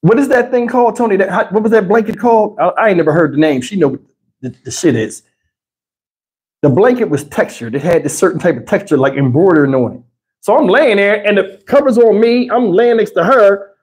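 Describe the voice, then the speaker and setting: A man hosting a livestream, telling a story in a casual way that is animated and profane, with frequent laughter. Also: high voice, a little fast. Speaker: livestream host. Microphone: wireless lapel mic.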